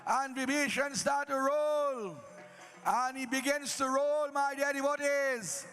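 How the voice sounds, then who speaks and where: High-voiced storyteller. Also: male voice, steady tone, slow, sharp tone, soft background music. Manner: dramatic, addresses devotees, folksy asides. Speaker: Ramleela narrator. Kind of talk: devotional storytelling to an audience.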